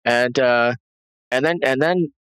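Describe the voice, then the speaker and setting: Telling a tense personal story as an interview guest, a man with a mid-range, fairly bright, clean voice speaks slowly, rambling with many restarts and fillers in an agitated retelling. There's no echo, though the recording is rough.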